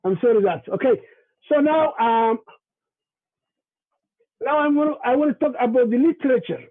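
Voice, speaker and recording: A man teaches over a video call, and his voice sits very high for a man. He spells out sounds one by one, in a deliberate, patient way. The audio is thin and tinny, like a phone line. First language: Somali. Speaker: Somali language and culture presenter.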